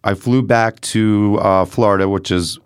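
A man's voice: lowish voice, unhurried, clean tone, no echo, studio quality. A man telling profane stories in casual chat, acting out what people said. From United States. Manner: profane, animated storyteller acting out quotes. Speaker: podcast guest. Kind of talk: casual storytelling.

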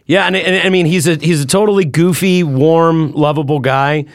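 A man's voice: on the high side, normal speed, no room sound, studio quality. A man in a casual podcast chat, telling loose, profane stories that lean on filler words. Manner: rambling storyteller, loose and profane, acts out voices in quotes.

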